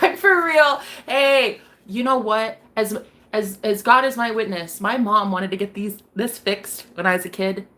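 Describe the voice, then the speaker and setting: A woman's voice: medium pitch, pushed and bright, slight background noise. Bubbly, swearing young woman streaming. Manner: bubbly, profane, laughs often, talks to chat. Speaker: tarot reader and live stream host. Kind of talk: casual live-stream chat.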